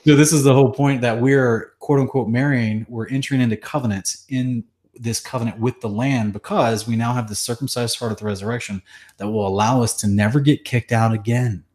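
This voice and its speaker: A man earnestly teaching scripture in conversation, citing verses rapidly with chapter and number. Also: medium pitch, steady tone, darkish tone. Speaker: Bible teacher.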